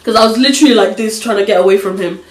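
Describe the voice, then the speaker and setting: A young woman vlogger telling a story in casual chat, animated and laughing often as she acts out what people said. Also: medium pitch, racing, echoey room.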